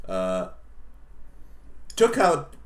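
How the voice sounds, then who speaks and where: This man's voice sits a little high and swings hugely in pitch while he speaks extremely slowly. Co-hosting a podcast, he meanders through a long funny story peppered with fillers and joking tangents, captured with a roomy echo.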